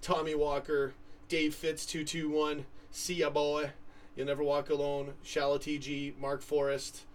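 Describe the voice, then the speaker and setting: Far from the mic, a young Canadian man hosts a casual live stream from a room at home, reading viewers' comments aloud. His voice is a little high, monotone and a little slow, and he chats rambly, trailing off and starting over. A computer fan hums nearby.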